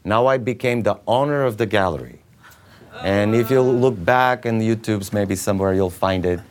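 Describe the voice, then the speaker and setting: A man with an Eastern European accent, an actor telling animated anecdotes and laughing often while acting out the voices of people in his stories. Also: fairly low pitch, moderate pace. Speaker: actor guest. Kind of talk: animated storytelling.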